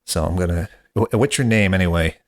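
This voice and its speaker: Male comedy podcast host, exasperated and casual, fairly low voice. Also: brisk. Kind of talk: comedy sketch.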